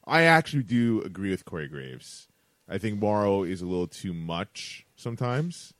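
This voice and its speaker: Low-voiced man with halting speech. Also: big pitch swings, a bit bright, no room sound. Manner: halting, repeats words while thinking. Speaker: podcast co-host. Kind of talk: casual chat.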